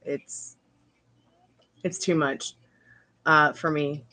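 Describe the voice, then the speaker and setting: Rambling, halting woman chatting on a live stream. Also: sits low, fairly even intonation, bright, forceful tone. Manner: rambling, halting, with many restarts and fillers. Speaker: live-stream tarot reader. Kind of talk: casual live-stream chat with viewers.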